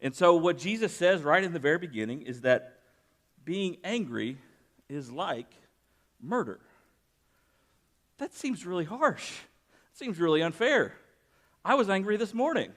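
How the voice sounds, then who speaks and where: A man's voice: high voice, sing-song, measured pace, long pauses, a bit bright. A man preaching a sermon, mixing scripture reading with personal stories and raising his voice for emphasis. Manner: conversational preaching with personal anecdotes, rising for emphasis. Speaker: pastor.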